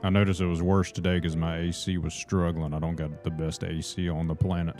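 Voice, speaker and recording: A laid-back man with a deep, low voice chats with his viewers as he plays a game on a livestream. He rambles in a friendly way and answers questions from the chat. Quiet music plays behind him. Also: fairly quick. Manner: relaxed, chatty, reads chat and greets viewers as brothers. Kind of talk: casual gameplay livestream chat.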